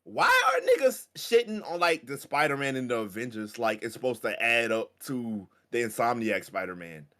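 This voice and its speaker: Excitable guy on a gaming pod, bouncy bright voice, curses a lot. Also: medium pitch, normal speed, few pauses. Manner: excitable, swears, self-mocking. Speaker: podcast co-host. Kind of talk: casual gaming chat.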